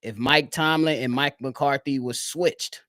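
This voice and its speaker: A man calling in to a sports show, talking in a relaxed, slangy way as he thinks out loud. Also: mid-range voice, unhurried, no echo, clean studio sound. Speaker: guest caller. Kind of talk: casual sports talk.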